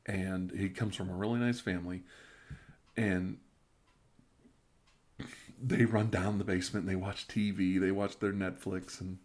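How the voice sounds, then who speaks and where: A middle-aged man hosting a casual live stream, tipsy and rambling, stammering through restarts and sometimes dropping into soft whispers as he reads viewer comments. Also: low-pitched, level tone, unhurried, pauses often. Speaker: ASMR live stream host.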